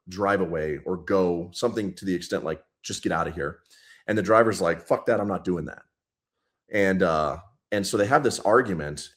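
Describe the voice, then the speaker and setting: A man in his thirties, a police sergeant guest, telling a story bluntly and profanely in a casual interview. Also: sits low. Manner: blunt, profane, intense retelling.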